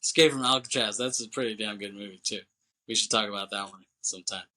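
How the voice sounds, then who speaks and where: A man's voice: on the low side, steady tone, fast, sharp tone. A man co-hosting a podcast, casually recapping a movie in a rambling, filler-heavy way with casual swearing. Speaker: podcast co-host.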